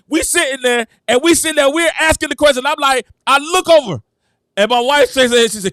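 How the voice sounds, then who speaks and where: A man hosting a sports talk show, excitable and repetitive, calling out to his viewers. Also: extremely high pitch, a little fast, dry recording, clean studio sound. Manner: excitable, repeats himself, addresses viewers as "citizens". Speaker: sports commentary show host. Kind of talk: animated sports opinion talk.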